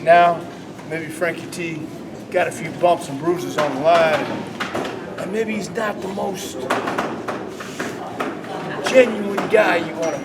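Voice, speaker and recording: A man coaching a wrestling promo, blunt and profane, dropping to low mutters and rising to shouts. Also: slow, pauses often, heavy background noise. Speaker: wrestling trainer. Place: large indoor wrestling venue. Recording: distant mic in a reverberant hall with a crowd.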